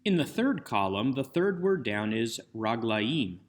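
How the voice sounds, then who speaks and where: A man's voice: medium pitch, very animated, a little slow. A man giving a recorded lecture on Hebrew grammar over slides, explaining methodically step by step. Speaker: Hebrew instructor.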